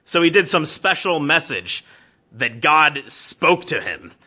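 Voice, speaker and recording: A preacher puts on his brother as a loud, scornful man who shouts every word. The voice jumps higher and turns hard-edged and forceful, and the recording sounds dull and lo-fi. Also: very animated, takes it slowly, full character voice. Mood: indignant. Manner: shouting, indignant.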